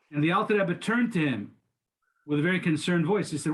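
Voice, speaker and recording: A man's voice: a little high, brisk. An older man teaching a class, lecturing in an informal way with frequent restarts and repeated words. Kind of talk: conversational lecture.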